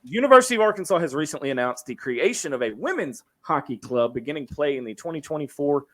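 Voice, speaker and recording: A man hosting a casual sports podcast, jokey and animated as he reads out fan feedback. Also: a little high, fast talker. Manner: animated, jokey, hands off between topics.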